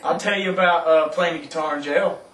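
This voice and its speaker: A young Southern man casually telling a profane, animated story to friends, laughing often and yelping through his quoted outbursts, recorded from far off in an echoey room. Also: a little high, a little fast. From South Carolina, US. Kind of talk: casual anecdote among friends. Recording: echoey room, mic from far off, faint noise.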